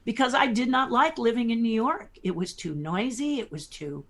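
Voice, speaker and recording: A woman in her sixties, a guest puppeteer telling lively stories in a podcast interview, chuckling as she talks. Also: fairly high pitch, moderate pace. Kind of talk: anecdotal storytelling in a podcast interview.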